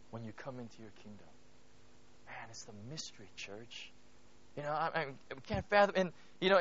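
A man preaching a sermon in church, animated and conversational, often checking in with "right?" and "you know.". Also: high voice, lo-fi sound. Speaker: pastor.

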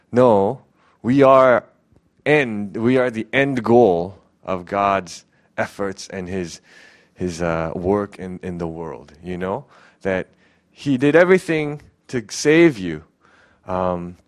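Man, young adult, youth pastor, casual sermon, earnest and pleading, lowish voice, lots of "you know". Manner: earnest, pleading, many fillers and restarts.

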